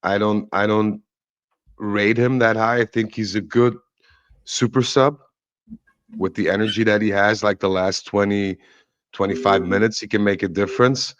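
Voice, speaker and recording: Blunt, opinionated man with a low voice. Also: fairly even intonation, normal speed, no echo, lo-fi sound. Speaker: podcast co-host. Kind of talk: casual football podcast chat.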